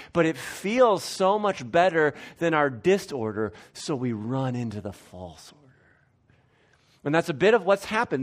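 A male pastor gives a lively, conversational sermon in church. His voice sits fairly high and swings widely in pitch. He talks in a loose, chatty way and often restarts his phrases. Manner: animated, conversational, with self-corrections.

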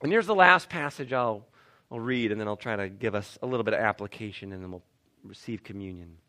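A man preaching a sermon, animated, swinging between loud declarations and hushed asides, with short laughs and restarts. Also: lowish voice, fairly quick. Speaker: pastor.

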